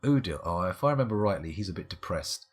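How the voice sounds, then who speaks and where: Man, game streamer, husky voice, lively pitch, wry asides. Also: fast. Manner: wry, rambling, self-mocking asides. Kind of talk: live-stream game commentary.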